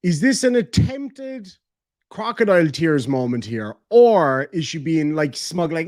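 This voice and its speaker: A man with an Irish accent running a live-stream reaction, mocking and chatty as he talks to his chat. His voice sits a little high and swings widely up and down. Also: very animated, a little slow, a little mellow. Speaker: streamer reacting to court videos.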